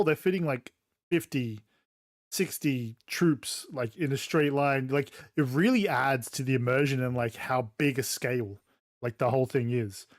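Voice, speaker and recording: A man chatting loosely while playing a game, swearing and telling animated stories. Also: medium pitch, no room sound. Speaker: gaming channel host. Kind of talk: casual chat while playing.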